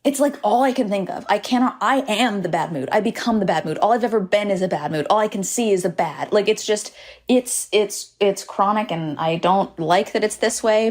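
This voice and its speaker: A woman's voice: mid-range voice, a little mellow. Young woman podcast host, solo rant, irritable and self-mocking, swears a lot. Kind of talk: casual solo podcast monologue. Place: hotel room.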